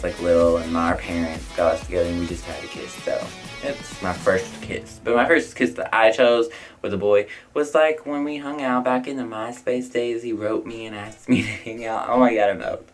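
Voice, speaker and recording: A man's voice: fairly low pitch, poor audio. A young man casually answering viewer questions in a vlog, chatty and outspoken, with lots of "like" and "I don't know".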